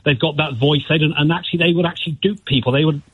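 A man's voice: a little high, quick pace, slightly rough, no echo. A middle-aged man with a strong West Country accent calling a radio phone-in, talking eagerly and laughing between points. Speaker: caller. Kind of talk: phone-in call. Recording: tinny phone line.

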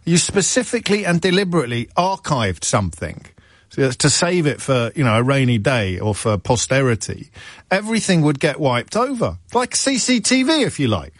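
A man's voice: mid-range voice, sing-song, moderate pace, no room sound, studio quality. A middle-aged man hosting a radio phone-in show, telling stories in a wry, rambling way and correcting himself as he goes. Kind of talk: chatty on-air monologue. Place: radio studio.

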